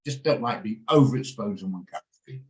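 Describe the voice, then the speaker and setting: A man teaching a live online trading lesson over a video call. He talks quickly and walks through each step hands-on. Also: lowish voice. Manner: fast, hands-on step-by-step explaining. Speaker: trading instructor. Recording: echoey room sound.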